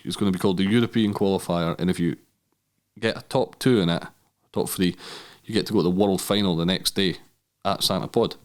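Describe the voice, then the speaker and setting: A Scottish man with a low voice tells a story in easy podcast chat. He swears freely and slips into other people's voices to act out conversations. His delivery stays loose and lively. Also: fairly quick. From Scotland. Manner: swears freely, animated storytelling with acted-out dialogue. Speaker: podcast guest.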